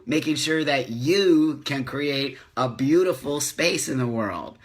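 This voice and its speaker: A man's voice: medium pitch, lively intonation, slow pace, slight background noise. A man in his fifties hosting a live stream, speaking with passion, preaching and repeating lines for emphasis, with some swearing. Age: 50s. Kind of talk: live-streamed motivational talk. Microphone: phone or webcam, live stream.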